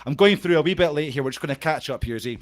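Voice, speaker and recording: A Scottish man with a voice pitched a little above most men's chats loosely on a video call. He keeps it casual and salty, calling out viewers by name as he goes. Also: animated, fast. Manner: warm banter, reads out viewer comments, swears freely. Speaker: host of a live stream. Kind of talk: casual live-stream chat.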